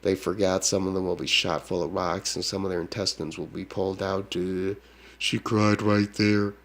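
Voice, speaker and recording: A man's voice: low-pitched, level tone, moderate pace, fairly bright tone. A man in a rambling, repetitive monologue, taunting and tacking "duh" onto his lines. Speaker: self-proclaimed shaman.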